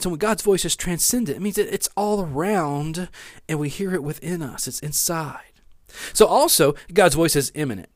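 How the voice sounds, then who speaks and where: A man's voice: fairly high pitch, normal speed, no echo, studio quality. A man preaching a sermon in an earnest way, repeating key phrases for emphasis and often restarting his sentences. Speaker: pastor.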